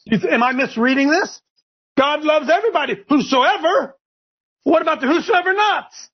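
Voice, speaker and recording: A man hosting a Bible discussion, preaching emphatically, shouting verses and firing rhetorical questions. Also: very high voice, animated, moderate pace, highs cut off. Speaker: host leading a Bible discussion. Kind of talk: fiery preaching-style Bible talk.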